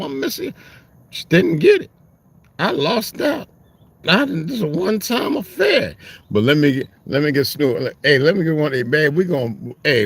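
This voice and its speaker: Man, rambling profane storyteller, lively swooping pitch, slightly high voice. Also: no echo. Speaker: host reading aloud and commenting. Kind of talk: casual storytelling monologue.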